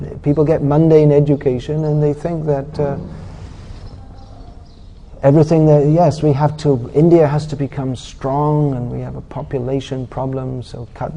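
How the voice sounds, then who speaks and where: A man's voice: medium pitch, gravelly, warm tone, a little hiss or hum. A man giving a sermon in a blunt, scolding and sarcastic manner, as a preacher giving a scripture class in a temple or lecture hall.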